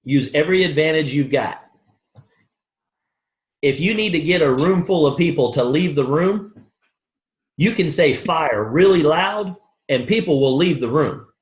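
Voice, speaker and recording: A man with a slightly high voice speaks unhurriedly and pauses often while giving a motivational sales training talk to a room. Animated as he tells stories, he voices both sides of the conversations. The room adds a roomy echo.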